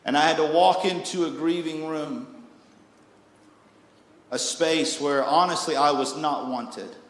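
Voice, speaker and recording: Male pastor, young adult, sermon, animated storytelling, fairly high voice, roomy hall with long reverb. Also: unhurried. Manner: animated, jokey storytelling with acted-out voices, rising to near shouts.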